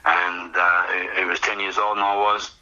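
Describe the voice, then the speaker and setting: Older aussie bloke, low voice, bright edge, keeps repeating "and, and", reflective storyteller. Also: male voice, level tone, moderate pace, dull audio. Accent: Australian. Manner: rambling, repeats words, reflective. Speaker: guest sharing recovery story. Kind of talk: personal storytelling.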